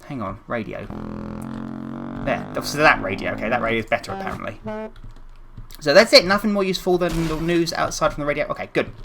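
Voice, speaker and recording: A woman's voice: low voice, fairly quick, creaky, long pauses, music in the background. A young woman commentating her gameplay in a frantic, panicky way, often swearing and laughing at herself. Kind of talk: let's play commentary.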